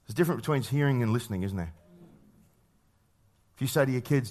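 A man's voice: medium pitch, animated. Man preaching a conversational sermon. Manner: conversational, anecdotal, with rhetorical questions; reads scripture slowly and quietly.

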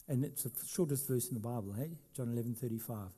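Speaking fast at a medium pitch with a breathy edge, a middle-aged pastor gives a sermon. He swings from loud, emphatic bursts to quiet asides, quizzing the congregation and mixing in light humor.

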